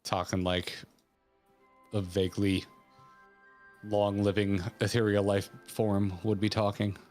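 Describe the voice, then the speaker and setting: A man's voice: fairly low pitch, monotone, slow, a little mellow, soft background music. A man casually talking over a video game story with his co-host, reading its dialogue aloud and puzzling over it. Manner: reads game dialogue aloud, then muses over it thoughtfully. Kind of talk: casual gaming stream chat.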